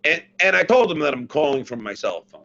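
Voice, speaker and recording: A man telling a long prank story in casual chat, animated and self-mocking, recorded on his computer mic. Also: on the high side, fairly quick, gravelly, highs cut off. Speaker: podcast guest, former radio personality. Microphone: computer mic, not the podcast mic.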